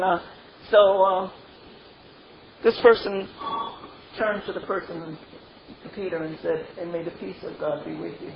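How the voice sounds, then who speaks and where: Her voice is lowish and gravelly as this older woman shares a personal story of recovery, laughing often and repeatedly saying "you know." It's a dull lo-fi recording carrying a faint layer of noise.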